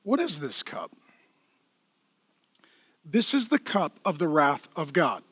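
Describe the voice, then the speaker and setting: A male pastor preaching a lively, playful sermon in a church, acting out the people in the story. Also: on the high side, takes it slowly, slightly rough, no echo. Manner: animated, playful, acts out voices and laughs at own jokes.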